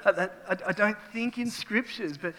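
A middle-aged man preaches from a church stage, his slightly high voice swelling from quiet reflection into raw, impassioned testimony. His words ring out with a long, spacious reverb from the hall around him. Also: moderate pace. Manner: raw, emotional testimony with rising intensity. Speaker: pastor. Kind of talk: sermon.

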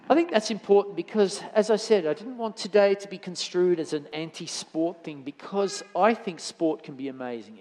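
A man's voice: on the high side, darkish tone. A man giving a conversational sermon in church, telling anecdotes with frequent restarts. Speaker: lay preacher. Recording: church hall reverb.

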